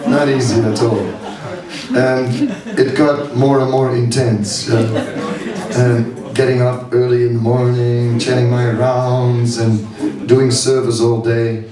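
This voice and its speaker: A monk gives a seminar in a summer camp hall, telling stories slowly and anecdotally with frequent chuckles. His voice is medium-pitched with little movement in pitch. The recording is echoey and distant, with an audience and crowd noise.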